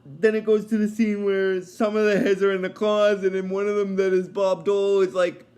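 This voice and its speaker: A man's voice: high-pitched, level tone, moderate pace, a little mellow. A man recapping a cartoon episode in a casual, rambling way, with many fillers and chuckling asides. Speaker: episode reviewer.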